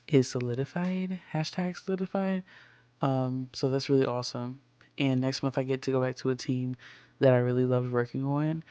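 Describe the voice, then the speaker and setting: A man's voice: mid-range voice, a little mellow, clear, resonant tone. A young man chatting casually over gameplay as a game speedbuild creator, rambling through stories and swearing freely.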